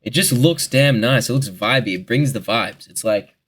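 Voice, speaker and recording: A man's voice: mid-range voice, normal speed, fairly bright tone, breathy edge. A twenty-year-old Australian man answering viewer questions in a rambling, joking casual chat, swearing freely.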